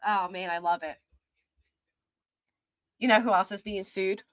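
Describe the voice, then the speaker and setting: A woman's voice: mid-range voice, steady tone, a bit bright, no echo. Woman streamer, middle-aged, mid-range voice, sarcastic and defiant, laughs easily, close dry sound. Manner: mocking, defiant, quick to laugh. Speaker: commentary channel host. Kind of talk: livestream reading and answering viewer comments.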